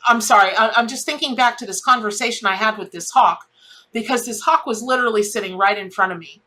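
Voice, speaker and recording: A woman's voice: a little high, sharp tone. A middle-aged woman giving a casual spoken tarot reading. She rambles in a heartfelt way, often repeating herself and restarting her sentences. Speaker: tarot reader.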